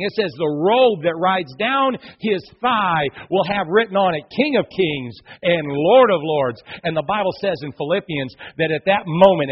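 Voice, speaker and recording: A man preaching a sermon in a lively, conversational way, acting out quoted voices with playful emphasis. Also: high voice, slightly rough, dull audio. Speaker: pastor.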